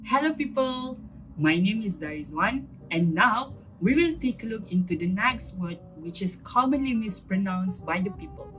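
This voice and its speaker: A woman's voice: mid-range voice, animated, a bit bright, poor audio. A young woman presenting a scripted pronunciation lesson, patiently contrasting the right and wrong vowel sounds. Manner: slow, explanatory, contrasts sounds. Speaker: student presenter.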